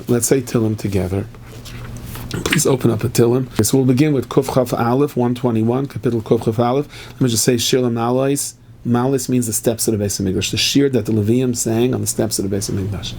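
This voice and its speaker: Older male preacher, gravelly, impassioned sermon and psalm reading, sudden high emphasis. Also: darkish tone, a little hiss or hum. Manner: impassioned, with sudden rises in pitch. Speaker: speaker at a prayer gathering.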